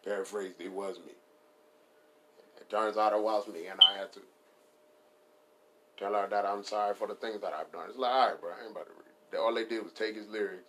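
A man ranting casually and profanely for laughs, rambling, laughing at his own jokes and jumping into high put-on voices. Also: fairly even intonation, brisk, pauses often, background noise. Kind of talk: casual comedic rant.

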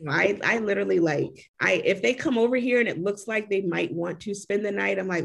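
A woman co-hosting a casual chat, telling a story in an animated way full of "like" and acted-out quotes. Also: mid-range voice, a little fast, vocal fry, few pauses, husky. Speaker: podcast co-host.

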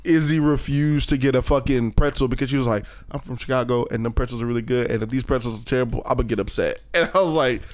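A man's voice: medium pitch, quick pace, hardly any pauses. A man telling crude jokes and stories in a loose group chat, profane and laughing often. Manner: loud, profane storyteller who laughs often.

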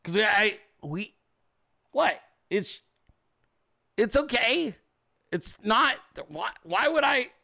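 A man's voice: sits high, lively intonation, slow pace, gravelly, long pauses, sharp tone. A man hosting a casual livestream, mocking and profane, laughing often and switching into sarcastic put-on voices. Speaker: host.

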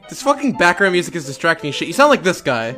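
An excitable young man co-hosting a podcast, swearing freely and laughing often. His voice sits slightly high and moves with lively inflection, and faint music plays behind him. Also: fast talker. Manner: profane, excitable, laughs a lot. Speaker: podcast co-host. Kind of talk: crude casual banter.

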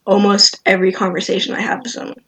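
A woman's voice: mid-range voice, monotone, fast talker, fairly bright tone, breathy edge, muffled recording. A young woman chatting casually with friends, rambling with lots of "like" fillers. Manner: rambling, filler-heavy, giggly. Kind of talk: casual chat among friends.

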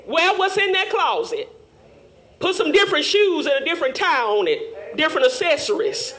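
A woman teaching Sunday school in a fervent, call-and-response preaching manner, rising at times to shouts. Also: sits high, very animated, moderate pace.

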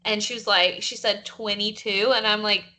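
Woman co-host, bright tone, mild Southern lilt, chatty and giggly. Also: medium pitch, little pitch movement, moderate pace. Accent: light Southern US. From American South. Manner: chatty, laughing, many fillers. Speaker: podcast co-host. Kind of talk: casual chat.

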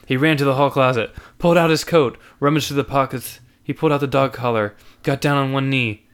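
A man narrating a story aloud in an animated reading. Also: medium pitch, fairly quick, hardly any pauses, clear, resonant tone.

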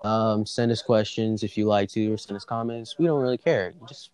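A man's voice: on the low side, normal speed, darkish tone. Young man, podcast co-host, casual chat, laughing, swearing. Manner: laughing, swearing, loose and joking.

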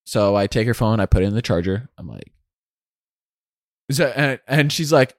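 A man's voice: medium pitch, normal speed, pauses often, no echo, studio quality. A young man co-hosting a casual podcast, telling a long family story and acting out the other people's lines as he goes. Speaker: co-host.

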